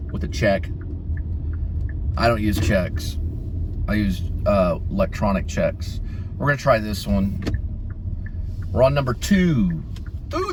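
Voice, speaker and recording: Man, vlog host, low voice, rambling anecdotes, faint car noise under him. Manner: rambling, name-dropping anecdotes. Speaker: vlog host, delivery runner. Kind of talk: casual rambling chat.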